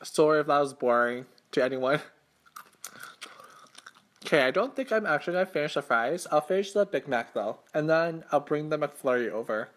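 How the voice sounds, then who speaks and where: A man's voice: fairly high pitch, expressive, normal speed. Young guy rambling thru a storytime while he eats, lots of likes and ums, kinda embarrassed. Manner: rambling, filler-heavy storytelling; self-conscious, embarrassed. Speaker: mukbang host. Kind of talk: casual storytime while eating.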